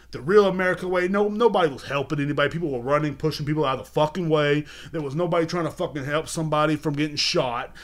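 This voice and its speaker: A young man hosting a podcast, ranting in a casual, profane, rambling way and repeating his words and phrases. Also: a little high. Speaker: podcast host.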